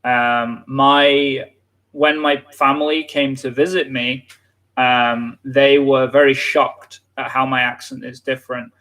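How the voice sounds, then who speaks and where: A man's voice: medium pitch, little pitch movement, slow pace, a bit bright. A young man with a Yorkshire accent, hosting a casual live English lesson and telling stories with many restarts and fillers. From North Yorkshire, England. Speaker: English teacher, host.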